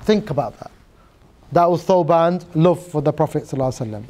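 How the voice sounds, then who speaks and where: A man with a high-pitched voice delivers a sermon. He tells stories in a lively, informal way, softening his voice for quoted lines, and speaks straight to his listeners. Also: quick pace. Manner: lively storyteller who acts out quotes in a softer voice; direct and informal, addressing the audience. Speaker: preacher.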